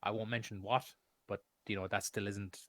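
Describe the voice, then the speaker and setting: A lower-pitched man on a casual podcast. He makes dry, sarcastic remarks and often pauses with "um" and "you know". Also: little pitch movement, a bit bright, dry recording. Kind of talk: casual chat.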